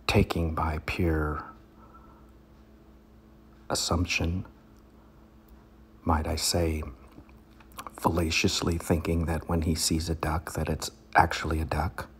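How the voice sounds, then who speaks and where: A man's voice: very deep voice, level tone, slow pace, pauses often, a little hiss or hum. A man giving a comedic poetry reading, mock-pompous and rambling, often dropping into whispers.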